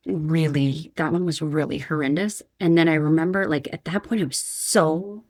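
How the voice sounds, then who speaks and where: A woman's voice: sits low, fairly even intonation, normal speed, darkish tone, dry recording, studio quality. A woman in her thirties, a podcast guest, telling a painful personal story candidly, frank and emotional with many restarts.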